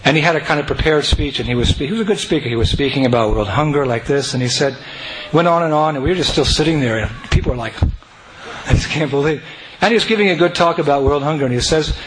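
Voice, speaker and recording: A man telling a personal devotional story to an audience, animated and breaking into chanting and joyful shouts. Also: fairly high pitch, very fast, few pauses. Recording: noisy recording.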